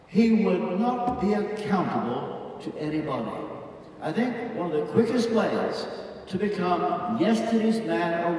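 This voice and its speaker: A man's voice: high voice, a little mellow, slight background noise. An older man preaching a sermon as a pastor, earnest and emphatic, acting out the voices he quotes. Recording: echoey hall, from far off.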